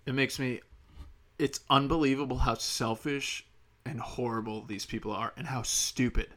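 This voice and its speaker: A man's voice: medium pitch, fairly even intonation, normal speed, fairly bright tone. A young man from the United States hosts a podcast in the middle of an angry rant. He swears constantly and gets worked up in heated, exasperated bursts. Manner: heated, profane, ranting.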